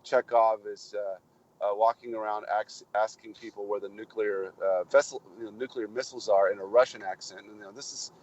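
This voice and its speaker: A man co-hosting a casual podcast chat about films, halting and repeating words, on muffled lo-fi audio. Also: lowish voice, steady tone. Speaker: podcast co-host.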